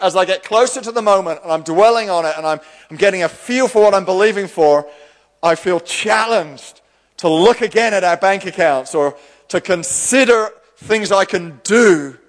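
A male pastor delivering a sermon with lively energy. His voice sits a little higher than most men's, and he slips into the voices of the people in his stories as he speaks. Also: normal speed, big-room sound. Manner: animated preacher acting out quoted voices.

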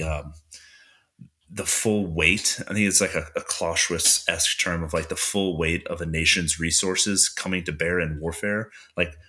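A man's voice: sits low, fairly bright tone. A man co-hosting a history podcast, talking casually and rambling with lots of fillers. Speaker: podcast co-host.

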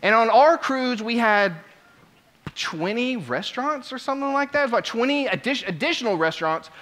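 A man preaching a sermon, telling a story with lively swings between quiet asides and loud exclamations. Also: very high-pitched, brisk. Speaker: pastor.

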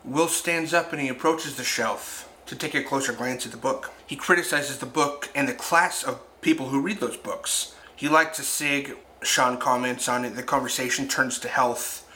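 A man's voice: mid-range voice, moderate pace, hardly any pauses, sharp tone, a little hiss or hum. A man narrating a casual film review, retelling scenes with reflective asides.

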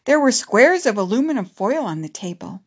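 A woman narrating a children's story in a gentle, expressive way. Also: a little high, fairly quick, breathy edge.

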